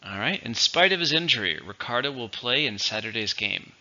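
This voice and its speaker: Gravelly, bright-toned male English teacher. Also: mid-range voice, animated, muffled recording. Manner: slow, clear teacherly explanations. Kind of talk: vocabulary lesson.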